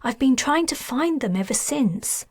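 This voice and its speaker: Lady doing a worried mom, halting and unsure, slow, dry sound. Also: sits high, animated, slightly rough, no echo, voice pushed up, heavily acted. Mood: wary. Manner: hesitant, halting. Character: anxious young mother searching for her kids.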